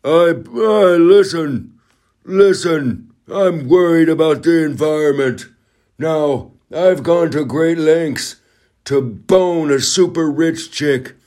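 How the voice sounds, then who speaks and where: A man's voice: fairly high pitch, takes it slowly, warm tone, pitched above the performer's own voice. A man doing a comic impression of a pompous, greedy older male politician who stammers and keeps repeating "listen". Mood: smug.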